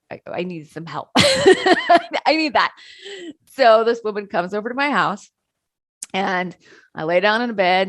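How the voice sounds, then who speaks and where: A middle-aged woman telling her story in a casual interview, animated, acting out dialogue and laughing often. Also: deep voice, vocal fry, no room sound. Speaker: channeler, interview guest. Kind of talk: conversational storytelling.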